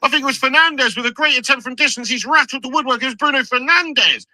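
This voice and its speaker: Excitable man, very high voice, sharp tense tone, dry close sound, live football watch-along. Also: fast talker, no echo, low-quality recording. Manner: excitable, swearing, shouting at goals. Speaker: football channel host.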